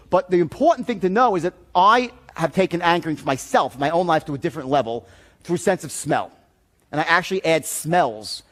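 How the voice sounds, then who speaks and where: A man giving a live sales seminar, telling a profane, animated story with loud outbursts and quieter asides. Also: a little high. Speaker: sales and persuasion trainer.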